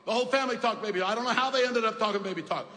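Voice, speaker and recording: Fiery preacher in echoey hall. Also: male voice, high voice, rapid-fire. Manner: emphatic, repetitive, swings from shouting to soft asides. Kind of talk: fiery sermon. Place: large hall with congregation. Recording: echoey hall, faint ambience.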